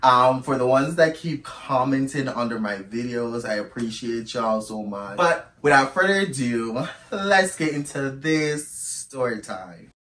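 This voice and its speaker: A storytime YouTuber with a medium pitch talks at a measured pace, chatting expressively to viewers he calls "girl." The mic is distant, leaving a roomy echo, and a faint hiss or hum sits under the audio.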